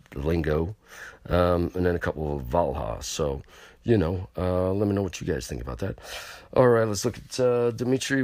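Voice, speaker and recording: Male host from California, low voice, rambling and bragging, crude, dead-dry sound. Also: no echo. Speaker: show host. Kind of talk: casual chat show. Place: on location.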